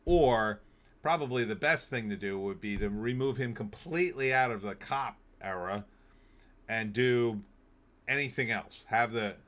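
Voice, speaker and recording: Guy doing solo show commentary, bright sharp voice, chatty, opinionated, lots of ums. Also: medium pitch, measured pace. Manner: chatty and opinionated, thinks aloud with fillers. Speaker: show host. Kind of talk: casual solo commentary reading live chat.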